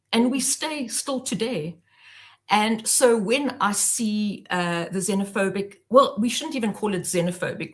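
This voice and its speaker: A woman's voice: mid-range voice, fairly bright tone. A South African woman speaking earnestly and with passion as a guest on an online panel. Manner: earnest, impassioned, speaks in long flowing sentences.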